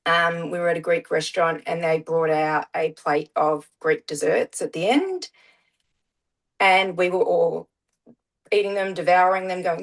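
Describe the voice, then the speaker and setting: A woman's voice: fairly low pitch, normal speed, low-quality recording. A middle-aged woman, telling her story as a guest in a casual interview, with many "um" fillers. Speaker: guest, parent.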